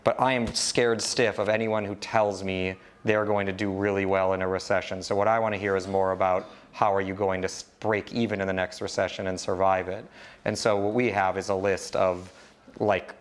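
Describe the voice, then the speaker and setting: Candid low-voiced man talking business. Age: 30s. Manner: rambling, many restarts, candid. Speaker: guest speaker, entrepreneur. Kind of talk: informal talk and Q&A.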